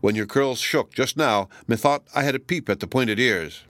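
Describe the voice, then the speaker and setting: A man's voice: mid-range voice, normal speed, a bit bright, dry recording, clean studio sound, close to an everyday voice. A man reading a teasing young woman.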